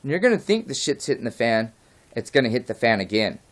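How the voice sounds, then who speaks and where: A man's voice: mid-range voice, big pitch swings, fast. A man delivering an unscripted opinion rant as a vlogger, heated and rambling, swearing at times and drifting off track. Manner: swears and apologizes.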